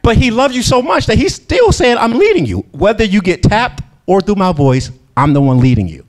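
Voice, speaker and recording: A man preaching a sermon in an animated way, acting out quotes and laughing between lines. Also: high voice, brisk.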